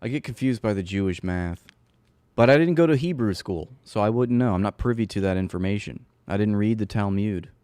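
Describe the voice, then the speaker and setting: A man's voice: fairly low pitch, animated, a little fast, darkish tone, no echo. A man hosting a casual political commentary show, talking in a sarcastic, mocking way and sometimes laughing at his own jokes.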